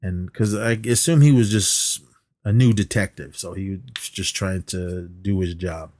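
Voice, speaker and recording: A man's voice: low voice, measured pace, darkish tone, no room sound. A man co-hosting a podcast, casually retelling a film's plot in a rambling way and quoting the characters as he goes. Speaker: podcast co-host. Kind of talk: casual film recap chat.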